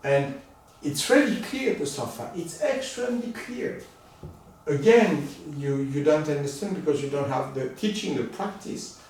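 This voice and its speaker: Animated man teaching in an echoey room. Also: a little high, a little slow. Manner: animated, coaxing, joking. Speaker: echolocation teacher. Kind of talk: live demonstration lesson. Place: indoor home room. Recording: very echoey room, far from mic.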